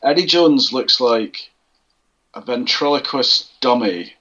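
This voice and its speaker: A man's voice: medium pitch, lively intonation, slow, bright, forceful tone. Wry rambling man on lo-fi mic. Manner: rambling, wry, searching for words. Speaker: podcast guest. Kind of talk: casual chat. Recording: lo-fi with faint noise.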